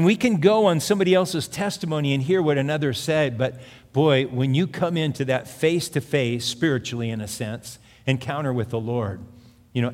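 A man's voice: mid-range voice, a little mellow. A man preaching a sermon as pastor, earnest and conversational, reading scripture aloud between plain asides. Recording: long reverb of a large hall.

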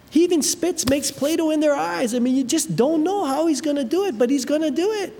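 Animated preacher in an echoing hall. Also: high-pitched. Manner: animated storytelling, many fillers. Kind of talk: sermon. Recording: long hall reverb, faint noise.

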